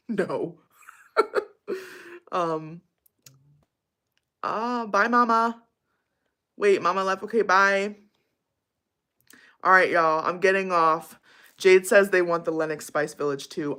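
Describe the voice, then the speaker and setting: A woman's voice: fairly low pitch, sharp tone. Bubbly giggly young woman streamer. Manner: bubbly, giggly, lots of likes and ums. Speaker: livestream host. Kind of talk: casual livestream chat.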